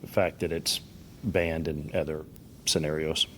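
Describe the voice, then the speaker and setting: A woman's voice: very deep voice, steady tone, a little slow, a bit bright, a little hiss or hum. A woman co-hosting a podcast, mostly chiming in with short agreeing replies in casual chat. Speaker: podcast co-host.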